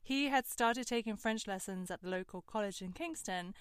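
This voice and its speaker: A woman's voice: mid-range voice, moderate pace, clean tone, no echo, clean studio sound. A young woman hosting a storytelling monologue, candid and sardonic, swearing freely. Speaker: host.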